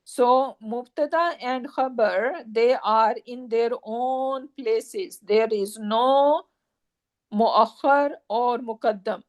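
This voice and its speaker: Woman teacher, slightly high voice, slow and deliberate, repeats points, checks understanding. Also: muffled recording. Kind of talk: classroom grammar lesson.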